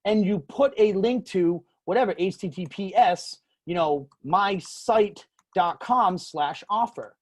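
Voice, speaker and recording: A man hosting a casual screen-share software tutorial, loose and rambling, full of fillers. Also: high voice, measured pace, hardly any pauses.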